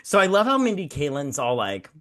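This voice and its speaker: A man's voice: on the high side, wildly swooping pitch, fairly quick, sharp tone. A male host of a casual movie-review chat show. He talks in loose, meandering runs, swears constantly, and slips into mocking voices when he quotes people. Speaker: podcast host.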